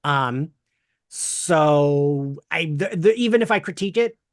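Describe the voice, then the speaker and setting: A man hosting a casual podcast chat, talking in a rambling, animated way with lots of fillers. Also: on the high side, slow, no echo, studio quality. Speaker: podcast host.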